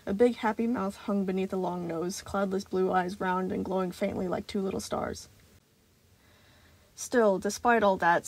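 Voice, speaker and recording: A woman narrating a fan fiction story, reading in a steady, expressive way. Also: mid-range voice, husky.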